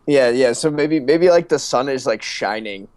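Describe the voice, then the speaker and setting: A man narrating his part in a story game in a halting way, full of fillers. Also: medium pitch, expressive, darkish tone, clean tone, no echo. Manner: hesitant, halting, filler-heavy.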